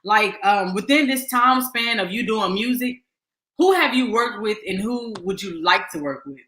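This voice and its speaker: A woman's voice: mid-range voice, expressive, normal speed, pushed and bright, roomy sound, rough recording. A woman interview host with a Houston Southern accent, chatty and encouraging with her guest. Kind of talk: casual interview chat.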